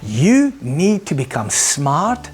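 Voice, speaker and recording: Lively male sales trainer. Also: fairly high pitch, slow pace. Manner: animated, acts out quoted people in raised voices; repeats words when thinking aloud. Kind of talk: presenting a lesson.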